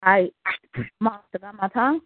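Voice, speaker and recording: A woman's voice: mid-range voice, moderate pace, no room sound. Hype host woman on a phone line. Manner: hyped, emphatic hype-host calls. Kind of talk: hosting a rap battle. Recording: dry tinny phone line.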